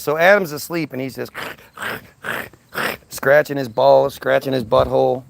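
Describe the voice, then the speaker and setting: A man's voice: medium pitch, normal speed, vocal fry, dry recording. A man telling a crude, rambling comic story as a stand-up monologue.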